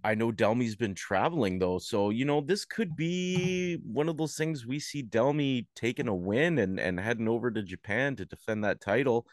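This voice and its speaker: A man's voice: mid-range voice, expressive, normal speed, few pauses, no room sound, clean studio sound. A man co-hosting a casual wrestling prediction show, playful and teasing with hesitant fillers. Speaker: podcast co-host.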